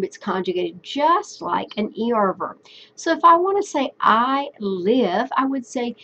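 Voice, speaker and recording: A woman teaching a recorded Spanish lesson, patiently explaining step by step and repeating phrases slowly. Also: on the high side, fairly bright tone, highs cut off, a little hiss or hum.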